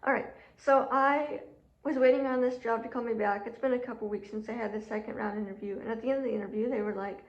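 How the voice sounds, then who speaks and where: A chatty woman with a slightly high voice tells her story casually to camera, full of fillers and quoted inner voices. Her throat is sore. The audio is dull and lo-fi, in an echoey room. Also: quick pace. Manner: chatty, animated, with many fillers and quoted self-talk. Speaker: job seeker telling her story. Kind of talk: casual vlog talk to camera.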